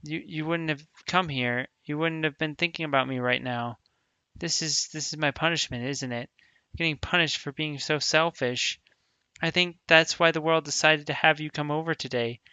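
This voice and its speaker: A man reading aloud the lines of a teenage girl who seems cheerful but hides deep depression, in a soft, subdued way. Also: moderate pace, smooth, no echo, highs cut off. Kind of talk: reading a visual novel aloud.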